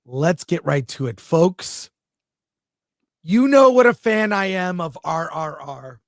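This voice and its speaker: A man's voice: fairly high pitch, animated, slow, no room sound, studio quality. A man co-hosting a casual film chat, talking in an enthusiastic, chatty way and describing what he sees on screen. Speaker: podcast co-host.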